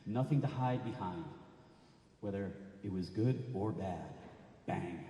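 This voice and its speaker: A man in his fifties from Connecticut gives a dramatic live storytelling reading, switching between quiet asides and shouted bursts. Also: lowish voice, a little slow. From Connecticut, USA. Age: 50s. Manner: animated, dramatic, shouts sudden bangs. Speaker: storyteller performer. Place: library hall. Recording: echoey library hall.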